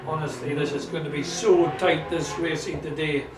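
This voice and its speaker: A man with a Scottish accent giving chatty, excitable live commentary on a motorsport sprint event. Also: fairly high pitch, normal speed. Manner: chatty, excitable, talks to a companion. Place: at a sprint track. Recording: roomy, distant mic with loud car noise. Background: car engines and outdoor ambience.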